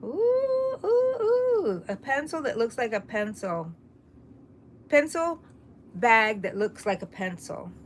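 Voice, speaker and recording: Middle-aged lady chatting on her crochet live stream, reading comments out, laughing a lot, mid-pitched voice. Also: lively intonation, measured pace, long pauses, a bit bright, slight background noise. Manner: chatty, reads viewer comments aloud, laughs often. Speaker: crochet livestream host. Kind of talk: casual live-stream chat.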